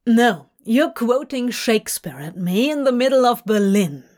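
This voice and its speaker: A woman voicing an irritable, weary male demon with a flat voice that rises into exasperated outbursts, in a fanfiction audiobook reading. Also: a little high, measured pace.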